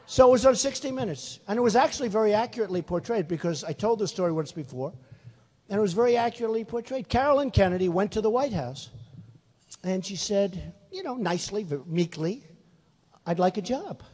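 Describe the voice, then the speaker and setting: A man's voice: high voice, lively intonation, quick pace, a little mellow. A man in his sixties giving a rambling, repetitive, emphatic rally speech in a large venue. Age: 60s. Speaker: political candidate. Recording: reverberant hall.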